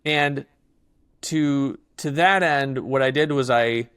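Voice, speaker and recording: A man's voice: medium pitch, slow pace, clean tone, dry recording. Chatty man, guest on a film interview. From not from England. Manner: animated storyteller, many fillers. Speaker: filmmaker guest. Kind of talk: casual interview talk.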